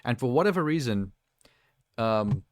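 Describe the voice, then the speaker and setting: A male streamer talking in a loose, rambling rant that drifts from one tangent to the next, often amused at himself. His voice sits at an ordinary middle pitch, and the sound is close and dry with no room echo. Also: animated, unhurried. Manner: rambling, ranting, self-amused. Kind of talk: casual live-stream chat.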